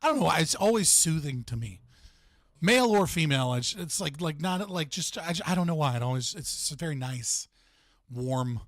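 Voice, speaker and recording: A man's voice: on the high side, animated, moderate pace, a bit bright, no echo. Rambling young American man hosting. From United States. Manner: rambling, heavy on fillers like "like". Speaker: livestream host. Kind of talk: casual chat.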